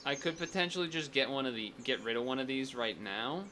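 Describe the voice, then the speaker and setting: A man's voice: mid-range voice, brisk, bright, forceful tone, slight background noise. A man streaming a strategy game, chatting casually and thinking aloud, often restarting his sentences. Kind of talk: casual gameplay commentary.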